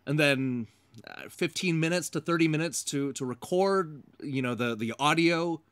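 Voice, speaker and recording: A man's voice: a little high, a bit bright, no room sound. A man co-hosting a casual game review chat, reading viewer comments and laughing often. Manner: slow, deliberate delivery with frequent laughter.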